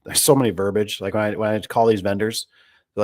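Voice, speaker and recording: Rambling, folksy low-voiced man. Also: flat delivery, fast, no echo, clean studio sound. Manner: rambling, filler-heavy, folksy. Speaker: garage door business owner. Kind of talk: casual livestream chat.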